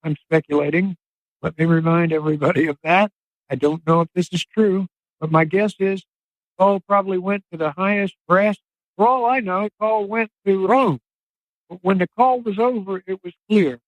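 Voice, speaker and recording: A man's voice: sits high, moderate pace, no echo, poor audio. An older man, an investigative reporter and podcast guest, laying out a speculative account and dramatically acting out the people he quotes. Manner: dramatic, acts out quoted voices. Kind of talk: speculative storytelling.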